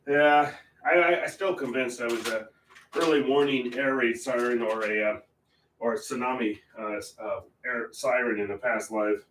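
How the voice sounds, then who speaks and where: A man hosting a painting livestream, rambling in casual chat with sudden loud bursts. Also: mid-range voice, fairly even intonation, moderate pace, slight background noise. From Portland, Oregon area. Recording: roomy, from a distance, faint ambience.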